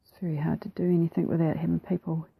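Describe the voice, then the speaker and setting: A woman with a New Zealand accent narrating her craft process over a time-lapse, soft-spoken and relaxed, often slipping into a whisper, a little self-deprecating. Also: sits low, fast, vocal fry, breathy edge, no echo, narrow, tinny audio. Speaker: mixed media artist.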